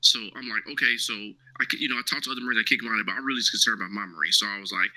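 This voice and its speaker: Fast, forceful man telling a story. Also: fairly low pitch, low-quality recording. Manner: animated, acts out quoted dialogue, keeps checking in with "right?". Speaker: guest, former Marine staff sergeant. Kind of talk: casual storytelling.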